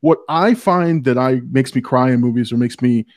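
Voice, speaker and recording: A podcast host from a Hispanic family background speaks at normal speed in a mid-range, darkish voice, with studio-quality audio and no room sound. He chats casually but earnestly, often restarting his sentences as he shares personal stories.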